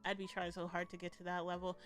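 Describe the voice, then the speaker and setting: A woman giving a blunt, animated, profane commentary in a casual vlog, laughing often. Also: lowish voice, quick pace, faint music behind. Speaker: vlogger reviewing a documentary.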